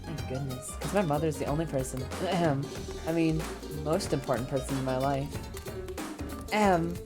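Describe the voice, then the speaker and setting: A woman voicing a towering female killer who talks in a low, hushed, gruff way, defensive about her mother. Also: normal speed, over music, natural voice.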